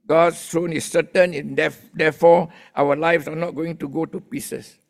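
Man, sermon delivery; somewhat high voice with gravel, conversational, addresses the congregation directly. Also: little pitch movement, moderate pace. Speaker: pastor.

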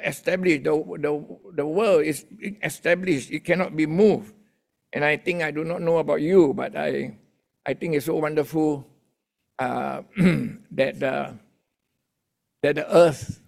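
A man's voice: a little high, creaky, darkish tone. A male pastor preaching a sermon in a chatty way, often restarting his sentences and getting the congregation to talk to their neighbors.

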